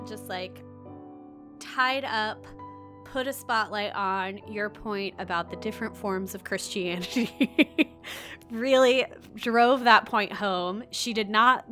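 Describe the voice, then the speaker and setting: A woman's voice: mid-range voice, takes it slowly, soft background music. A woman reading a novel passage aloud with dramatic expression, a podcast co-host who also chats casually. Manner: dramatic reader, voices quoted cries and drops to hushed asides.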